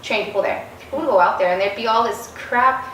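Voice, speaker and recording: A woman's voice: a little high, fast talker, a bit bright. A woman guest in a casual interview, telling stories animatedly and acting out the quoted dialogue. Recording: roomy, distant mic, faint noise.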